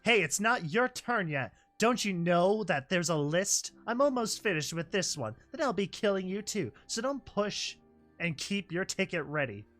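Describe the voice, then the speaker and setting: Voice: mid-range voice, sing-song, normal speed, fairly bright tone, faint music behind. A narrator voicing a cruel, mocking nightmare monster mare from a storybook. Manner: mocking, menacing.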